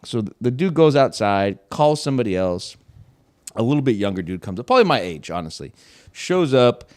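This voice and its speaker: A man's voice: a little high, fairly quick. A young man, a podcast host, telling a casual story with lots of swearing and acted-out quotes. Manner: animated, swearing, acts out quotes.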